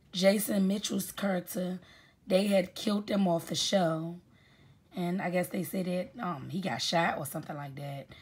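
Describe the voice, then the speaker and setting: A woman chats her way through a TV episode recap, leaning on um and like as she goes. Her voice has a gravelly fry and a husky edge. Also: mid-range voice. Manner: chatty, full of um and like fillers. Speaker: YouTube recap host. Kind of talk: casual TV recap chat.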